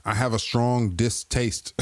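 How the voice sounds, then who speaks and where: Guy on a live stream cracking crude jokes, laughs a lot, slow talker, dry close sound. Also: mid-range voice, no echo. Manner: playful, keeps breaking into laughter; crude joking banter. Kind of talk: casual reaction commentary.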